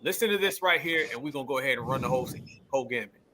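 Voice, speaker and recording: A man hosting a casual group talk show, animated and profane, calling on his co-hosts. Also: medium pitch, very fast, slight background noise. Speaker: podcast host.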